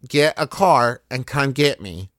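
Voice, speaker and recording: An injured young woman who barks urgent orders, played by a man. Her voice is bright and dry, and her talk stays clipped and commanding. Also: medium pitch, animated, measured pace, dry recording. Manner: bossy, urgent.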